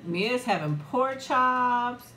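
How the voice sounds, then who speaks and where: A woman's voice: on the high side, animated, slow, pushed and bright, reverberant, slight background noise. A middle-aged woman chatting casually on a live eating stream, greeting viewers by name and laughing often. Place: room at home. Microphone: new external mic, close.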